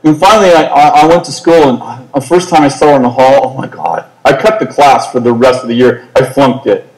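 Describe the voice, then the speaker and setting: A male preacher telling a story in an animated, self-mocking comic way during a sermon. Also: mid-range voice, a little fast, roomy sound, poor audio.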